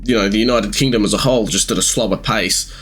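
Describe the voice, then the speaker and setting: An eighteen-year-old Australian man rambling through casual gameplay commentary with halting ums, sounding sleepy. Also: fairly low pitch, fairly even intonation, fairly bright tone, slight background noise. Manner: rambling, halting, many ums, sometimes swears. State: sleepy, yawning. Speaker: gamer streamer.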